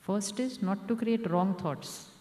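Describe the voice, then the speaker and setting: A woman with an Indian English accent giving a calm, repetitive meditation talk as a spiritual teacher, often asking the audience questions. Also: medium pitch, slow. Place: large hall at a live event. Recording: echoey hall with long reverb.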